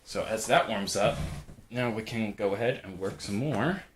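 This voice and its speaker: A man's voice: on the low side, moderate pace, a little hiss or hum. A man hosting a casual live stream, joking around and reading chat messages aloud. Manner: laid-back, jokey, reads chat aloud.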